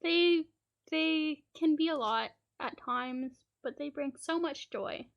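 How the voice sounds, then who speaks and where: A high-voiced woman from Canada chats casually as a streamer. Her voice has a gravelly, fry-laden edge. She rambles through anecdotes, laughing and acting out little quoted lines. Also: slow pace, muffled recording. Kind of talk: casual storytelling chat.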